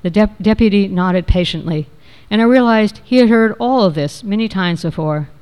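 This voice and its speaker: A woman reading a first-person memoir aloud in a measured, reflective way. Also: mid-range voice, a little mellow, clear, resonant tone. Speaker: narrator.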